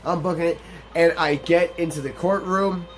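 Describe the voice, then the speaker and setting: A man's voice: fairly high pitch, normal speed, soft background music. Chatty young man, foul-mouthed gamer. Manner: profane, rambling, animated storyteller. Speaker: gaming channel host. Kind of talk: casual let's-play commentary with storytelling.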